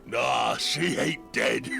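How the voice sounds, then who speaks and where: A rough backwoods man drawls slowly with a heavy gravel in his voice. Music runs behind. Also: medium pitch, pitched above the performer's own voice, exaggerated voice. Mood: gruff.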